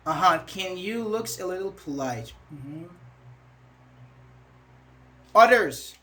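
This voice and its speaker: A man's voice: high voice, expressive, unhurried, a bit bright. A man. He explains patiently with everyday examples and repeats his phrases. He also acts out short quoted lines. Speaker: English teacher. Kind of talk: online grammar class.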